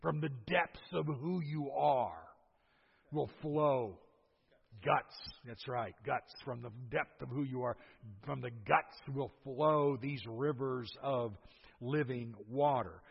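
A man's voice: medium pitch, slow pace. An older man preaching a sermon, explaining scripture verse by verse with emphatic asides. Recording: husky voice, dull lo-fi sound, long hall reverb.

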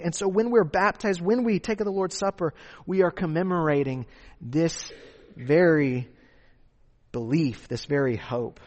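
A man preaching a sermon, asking rhetorical questions and repeating his key points for emphasis. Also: a little high. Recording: long hall reverb.

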